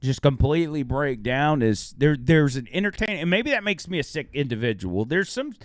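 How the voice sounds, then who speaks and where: A man's voice: a little fast, dry recording, studio quality. A man co-hosting a radio show, casually chatting and telling stories animatedly. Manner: animated storytelling, high voice for quoted women. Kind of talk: casual chat.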